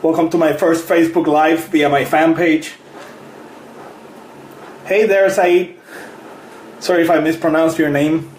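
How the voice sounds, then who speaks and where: Fitness coach guy on a livestream, kinda high voice, echoey room with faint hiss. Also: little pitch movement, a little slow, pauses often, a little mellow. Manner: friendly, greets viewers by name, laughs often. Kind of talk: casual live-stream chat. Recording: roomy echo with faint noise.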